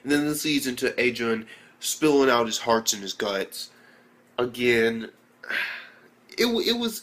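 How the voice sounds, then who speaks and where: A man's voice: mid-range voice, lively intonation, takes it slowly, pauses often, fairly bright tone. A young man talks through an anime episode in a loose, rambling way. He swears freely and strings thoughts together with fillers. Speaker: anime reviewer. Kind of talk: casual video review.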